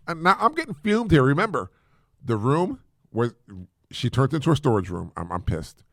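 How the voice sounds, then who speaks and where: A man hosting a podcast, telling listeners a family story in a halting way with frequent restarts and repeated words. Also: mid-range voice, wildly swooping pitch, no echo, clean studio sound. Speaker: podcast host, single father.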